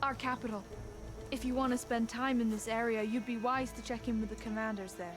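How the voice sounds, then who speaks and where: A woman playing a stern warrior-tribe leader in a video game, firm and authoritative, with a fairly high voice. Game music plays faintly underneath. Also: steady tone, fairly quick, close to an everyday voice. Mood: commanding.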